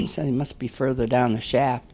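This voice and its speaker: Older man telling jokes, gravelly voice. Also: medium pitch, level tone, moderate pace, darkish tone. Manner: clears throat often, laughs at own punchlines. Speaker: standup comedian.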